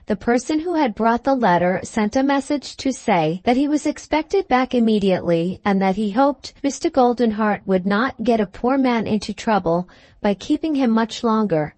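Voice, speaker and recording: A woman narrating a Victorian novel as an audiobook in a measured, even storytelling manner. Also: on the high side, no echo.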